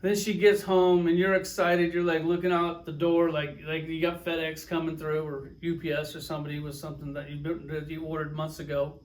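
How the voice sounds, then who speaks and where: A man's voice: fairly high pitch, level tone, fairly quick, hardly any pauses. A man reviewing collectible action figures in a casual vlog, sarcastic and profane, spinning little stories with acted-out quotes. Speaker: toy reviewer.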